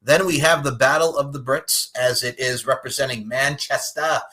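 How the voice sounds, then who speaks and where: Male podcast host, bright tense tone, loud joking hype man. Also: mid-range voice, steady tone, moderate pace, slightly rough. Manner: hyped, jokey, bursts of shouting. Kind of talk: excited podcast chat.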